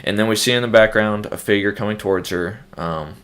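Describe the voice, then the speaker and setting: A man's voice: fairly low pitch, brisk, a bit bright. Casual young man breaking down a trailer. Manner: loose, speculative, many fillers and restarts. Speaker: host.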